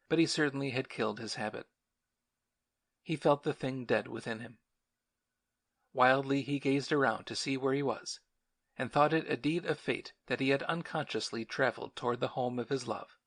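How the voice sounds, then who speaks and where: Guy reading a classic novel aloud, steady, mid pitch. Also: normal speed, long pauses, no room sound, studio quality. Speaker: audiobook narrator. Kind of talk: scripted narration.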